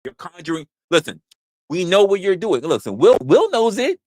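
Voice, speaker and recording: A man's voice: high-pitched, very animated, normal speed, darkish tone, dry recording. A man hosting a livestream in casual chat, rambling, crude and joking, repeating his phrases into a close mic. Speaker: livestream host.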